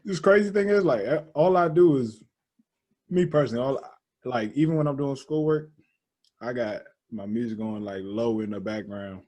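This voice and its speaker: A man co-hosting a casual podcast, talking in a laid-back way with lots of slang and animated asides. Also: medium pitch, normal speed. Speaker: podcast co-host. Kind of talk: casual chat.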